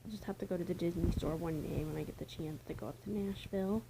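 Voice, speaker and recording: A woman's voice: lowish voice, fast, gravelly, noisy background. A young woman vlogging casually from home in a rambling, chatty way, sometimes dropping to a near-whisper. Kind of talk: casual chat. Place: home, indoors. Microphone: camera mic.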